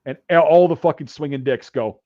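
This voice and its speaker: A man's voice: fairly high pitch, brisk, dry recording. Profane storytelling man, dull dry sound. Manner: profane, animated, acts out drill sergeants' shouts. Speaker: podcast host. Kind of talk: casual storytelling.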